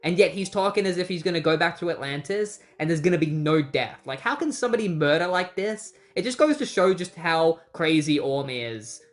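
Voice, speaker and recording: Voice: mid-range voice, expressive, fairly quick, few pauses. A comic book reviewer recapping an issue in a casual, chatty way with incredulous asides.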